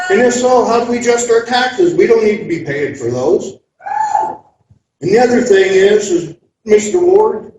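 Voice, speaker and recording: A man's voice: high-pitched, darkish tone, slight background noise. An older man giving blunt, exasperated public comment at a town meeting. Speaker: resident speaking at a public meeting. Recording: roomy, dull, distant hall recording.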